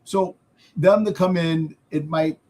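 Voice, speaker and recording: A man's voice: a little high, steady tone, takes it slowly, over a noisy crowd. A man co-hosting a wrestling podcast, talking casually and rambling with lots of fillers and restarts. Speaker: podcast co-host.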